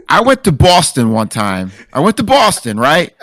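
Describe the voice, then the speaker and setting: A man's voice: fairly high pitch, wildly swooping pitch, measured pace, dry recording, studio quality, exaggerated voice. A man doing a brash gangster tough guy. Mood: swaggering. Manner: loud, swaggering, calls others "conversation guy".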